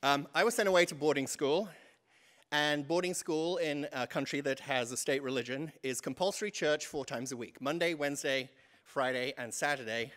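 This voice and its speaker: A man's voice: on the high side, moderate pace, fairly bright tone. A man in his fifties with an English accent, giving a humorous stewardship talk to a church congregation as a vestry member, self-deprecating and chatty. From England.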